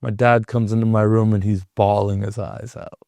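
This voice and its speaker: A Canadian podcast host tells a personal story in a loose, chatty way, peppering it with "like." His voice is fairly low, creaky and darkish, with little pitch movement and a moderate pace, and there's no room sound.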